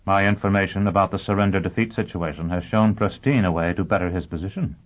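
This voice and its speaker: Man reading a calm gracious official, measured, low voice, phone-like sound. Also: lightly acted. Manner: measured, composed. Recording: tinny phone-like audio.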